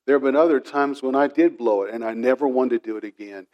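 A man's voice: medium pitch, fast talker. A middle-aged man preaching a sermon, telling a personal story and acting out the voices in it. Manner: storytelling, animated with quoted voices. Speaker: pastor.

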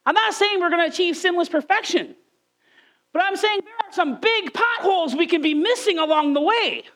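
High-pitched, relaxed preacher with an informal, joking sermon style. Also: fairly quick, low-quality recording. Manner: conversational, joking with the congregation.

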